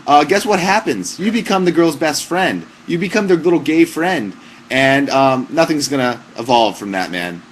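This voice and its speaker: A young man hosting a live stream, handing out mock-serious joke advice in a casual, deadpan way with lots of fillers. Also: a little high, moderate pace, a little hiss or hum. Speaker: livestream host giving joke advice. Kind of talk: casual comic livestream chat.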